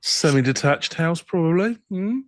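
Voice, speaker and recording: A man's voice: on the high side, animated, moderate pace. A man co-hosting a comedy podcast, trading dry, teasing banter. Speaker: podcast co-host.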